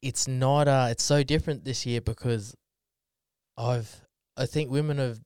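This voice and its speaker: A man chats loosely on a podcast, swearing freely and breaking into laughter as he rambles. His voice is smooth and resonant, recorded dry and close with no room sound. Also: mid-range voice, fairly even intonation, unhurried, darkish tone, no echo. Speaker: podcast co-host. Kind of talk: casual chat.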